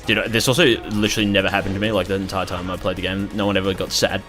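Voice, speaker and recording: A man's voice: deep voice, little pitch movement, very fast, a bit bright, soft background music. A young Australian man in his twenties chatting casually and rambling while streaming a game, joking and swearing often. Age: 20s. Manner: rambling, profane, jokey.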